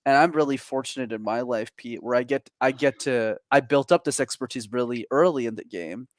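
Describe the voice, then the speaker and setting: A man's voice: mid-range voice, no echo. Eager young man, dry close sound. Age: young adult. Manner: eager and upbeat, quick to laugh. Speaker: podcast guest, communication coach. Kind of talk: casual interview chat.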